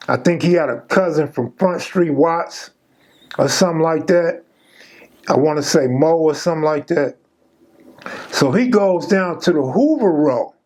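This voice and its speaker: A man's voice: on the high side, a little mellow. Laid-back slangy man telling stories. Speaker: channel host and storyteller. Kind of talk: casual true-story storytelling.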